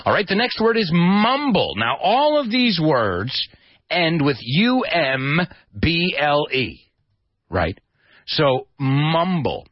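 Husky, lively radio DJ man teaching English. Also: a little high, slow pace, no echo, muffled recording. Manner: animated, demonstrative, spells words out. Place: radio studio.

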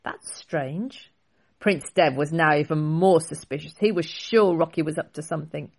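A woman author reading her own children's book aloud in a clear, expressive storybook style. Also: deep voice, normal speed.

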